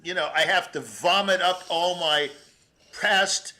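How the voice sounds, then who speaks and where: An older man talks through his verdict on a piano performance, wandering off into stories and humming passages. His voice sits high and bright. He laughs often and keeps circling back to his point. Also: a little slow. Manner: rambling and animated, sings out phrases, laughs often. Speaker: competition juror giving feedback. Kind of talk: spoken critique of a performance.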